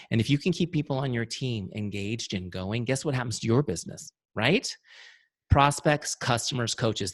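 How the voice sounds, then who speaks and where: A man with a low, creaky voice and no echo leads an online sales training as a motivational webinar. He's emphatic and direct, repeating key phrases and calling his audience "you guys."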